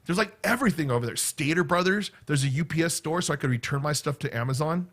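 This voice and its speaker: Chatty, rambling man with a higher voice. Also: quick pace, a bit bright. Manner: rambling, chatty, full of "right?" and "okay?" asides. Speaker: vlogger. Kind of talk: casual rambling chat to camera.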